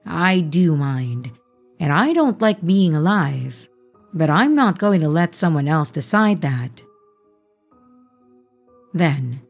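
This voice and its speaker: Woman horror narrator, unhurried, animated, faint music bed. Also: fairly low pitch. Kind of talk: storytelling narration. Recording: soft music bed underneath.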